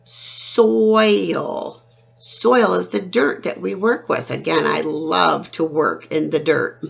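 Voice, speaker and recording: A woman teacher giving a phonics lesson to children, sounding out each word slowly and clearly. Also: sits low. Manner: slow, clear, drawn-out sounding out of words.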